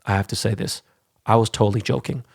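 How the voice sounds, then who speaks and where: A man's voice: fairly low pitch, steady tone, fast talker, gravelly, a little mellow, no echo, clean studio sound. A man briefly mimicking a male politician taking back a claim in a mock-serious tone. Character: mocked male politician backing down.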